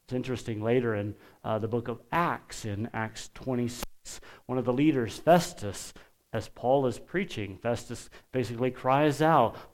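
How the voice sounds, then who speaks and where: A man preaching a sermon, emphatic and deliberate, pausing often and lifting his voice when quoting scripture. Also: mid-range voice. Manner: lifts his voice for quoted scripture.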